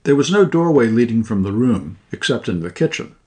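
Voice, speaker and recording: Man, audiobook narrator, short story, measured, dry, gravelly. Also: mid-range voice, very animated, darkish tone.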